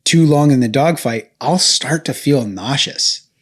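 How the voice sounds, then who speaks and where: A man's voice: medium pitch, measured pace. A man co-hosting a podcast, talking in a casual, enthusiastic and chatty way. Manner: enthusiastic, talkative, storytelling. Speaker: podcast co-host.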